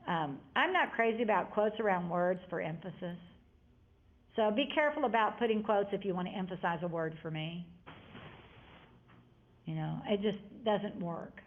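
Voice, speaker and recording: A woman's voice: medium pitch, expressive, moderate pace, pauses often. Teacher lady going over grammar with her class, chatty, kinda rambly, thin tinny audio. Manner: chatty, wandering asides while explaining.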